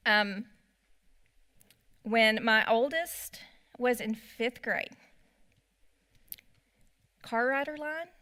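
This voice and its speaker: A woman's voice: on the high side, sharp tone. A middle-aged woman, telling stories in a church parenting class and acting out her own remarks. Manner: chatty storytelling with quoted asides.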